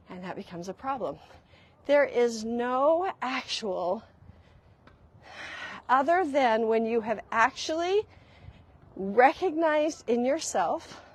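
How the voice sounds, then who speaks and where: A woman hosting a live talk as a relationship skills coach, speaking emphatically and repeating key phrases for weight. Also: fairly high pitch.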